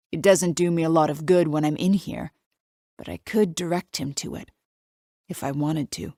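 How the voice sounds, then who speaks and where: A woman's voice: sits low, steady tone, moderate pace, creaky, dark tone, no echo, studio quality. A woman reading a thriller audiobook in the first person, present tense, as a tense, confiding inner monologue. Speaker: audiobook narrator.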